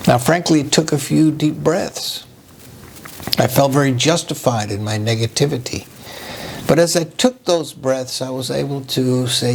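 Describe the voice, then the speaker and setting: A man preaching a quiet, reflective sermon. His voice sits fairly high and carries a gravelly rasp, and he often circles back on his own words as he searches for the thought. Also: a little hiss or hum. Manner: slow, searching, with frequent restarts and rhetorical "right?".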